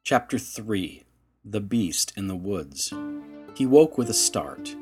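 A man narrating an audiobook chapter in slow, dramatic storytelling. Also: on the low side, sing-song, darkish tone, soft background music. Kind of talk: scripted narration.

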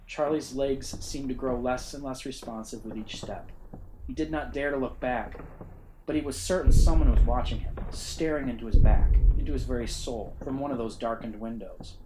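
A man narrating a ghost story in a measured, suspenseful way. His voice sits at an ordinary middle pitch. A faint hiss runs under the recording. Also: mellow, poor audio. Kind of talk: scripted narration.

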